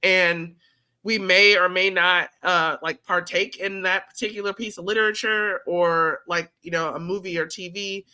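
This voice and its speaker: A man co-hosting a casual podcast film review, speaking in a measured, thoughtful way. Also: sits high, steady tone, sharp tone, smooth. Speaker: podcast co-host.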